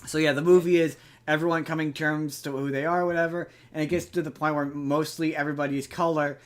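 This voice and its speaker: A young man on a podcast talks through a film's plot in a rambling, casual way. He stops and restarts often and leans on fillers. His voice sits a little high. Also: little pitch movement, fast. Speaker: podcast co-host. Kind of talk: casual movie chat.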